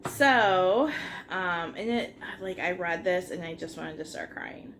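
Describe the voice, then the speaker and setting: A woman talking about her reading in a casual book vlog, earnest and halting, with many fillers and restarts. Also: lowish voice, fairly bright tone, slight background noise. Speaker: book vlogger. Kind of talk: casual book review chat.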